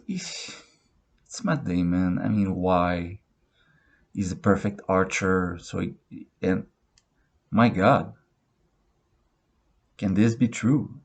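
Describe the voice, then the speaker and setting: A man with a very low voice and a gravelly, husky rasp talks through a movie review at an unhurried pace. He rambles, stumbles over restarts and fillers, and swears freely, all in a casual, offhand tone. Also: a little mellow.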